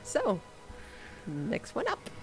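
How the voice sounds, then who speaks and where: A woman running a tabletop game as game master, talking in a halting way with many fillers and frequent laughter. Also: on the high side, wildly swooping pitch, soft background music.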